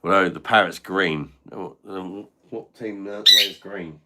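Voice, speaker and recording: A man's voice: low voice, fairly even intonation, measured pace. A man hosting a casual live stream, bantering and swearing at his noisy pet bird while reading chat comments. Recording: loud parrot squawks behind.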